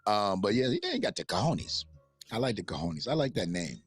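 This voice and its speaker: A man's voice: lowish voice, very animated, brisk, slightly rough, no room sound. A man hosting a livestream in casual commentary, rambling and swearing, laughing often and reading out chat messages. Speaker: livestream host.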